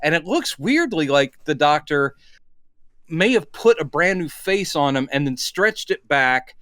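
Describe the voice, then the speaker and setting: A man co-hosting a casual film review podcast, his voice sitting a bit higher than most men's. He talks with animated exasperation and slips into quoted lines as he goes. The sound is dry and close, with no room around it. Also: unhurried, dry recording. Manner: animated, acts out quoted lines mid-rant. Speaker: podcast co-host. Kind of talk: casual movie review chat.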